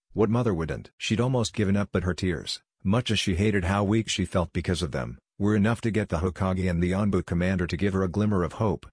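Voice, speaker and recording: A man reading fan fiction aloud in an even, steady way. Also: low voice, husky, no echo, studio quality. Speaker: narrator.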